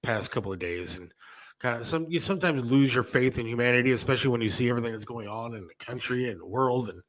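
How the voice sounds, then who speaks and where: A man's voice: medium pitch, expressive, fast talker, rough recording. A man in casual talk-show chat, telling rambling stories with lots of fillers and restarts. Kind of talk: casual radio-style chat.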